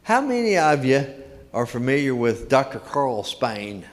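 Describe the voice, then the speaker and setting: A man's voice: mid-range voice, big pitch swings, unhurried. An older man preaching a sermon in a church, telling stories in a folksy way and repeating key words for emphasis. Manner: folksy storytelling, emphatic repetition. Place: church sanctuary. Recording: long reverb of a church hall.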